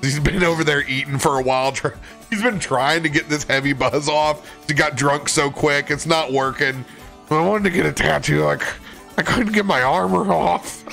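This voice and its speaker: A man's voice: fairly high pitch, moderate pace, gravelly, fairly bright tone, soft background music. A man playing a tabletop game, casually narrating his character with frequent swearing and laughter.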